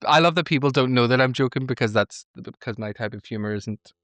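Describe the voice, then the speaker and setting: A man's voice: mid-range voice, fast, no echo. Laughing, chatty male podcast co-host. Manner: lively recapping with frequent laughs and acted-out quotes. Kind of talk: casual reaction podcast chat.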